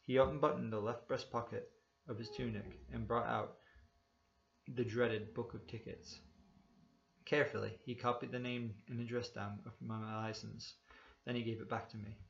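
A man tells a first-person story in a steady, plain reading voice of middle pitch. His tone has a gravelly, creaky texture, and the recording sounds slightly dull and lo-fi.

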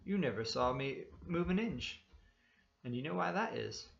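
A man putting on a gravelly, boastful pickpocket. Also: medium pitch, lively intonation, normal speed, roomy sound, pitched above the performer's own voice. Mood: proud. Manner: swaggering, slangy, proud. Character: cocky, boastful small man, a quick-fingered pickpocket. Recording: dull lo-fi recording.

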